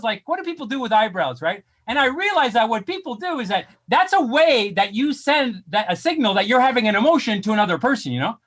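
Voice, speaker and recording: Guy doing deadpan standup on a video call, really high bright voice. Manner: deadpan, self-deprecating, bursts into shouts. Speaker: stand-up comic. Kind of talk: stand-up set.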